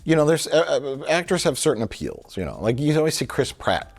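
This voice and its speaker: A man's voice: a little high, big pitch swings, gravelly. A man co-hosting a movie review chat, rambling with lots of fillers and jokes. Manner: rambling, halting, full of fillers; jokey, slips into silly voices. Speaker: film review show co-host.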